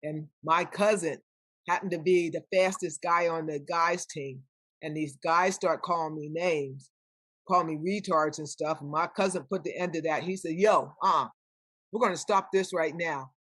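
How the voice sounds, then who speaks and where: Speaking at a normal speed in a low voice, an older woman tells stories as a podcast guest. She's animated and performs the voices of those she quotes, and the recording is dry.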